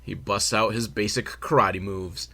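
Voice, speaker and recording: A man's voice: on the low side, fairly even intonation, normal speed, vocal fry, sharp tone. A man giving a sarcastic, swearing comedy recap of a film and laughing at his own jokes. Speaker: movie recap host.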